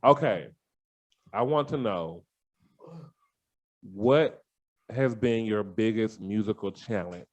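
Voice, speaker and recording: A man's voice: fairly low pitch, takes it slowly, long pauses, a little mellow. A man hosting a podcast, enthusiastic and effusive in a casual interview, swearing casually. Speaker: podcast host.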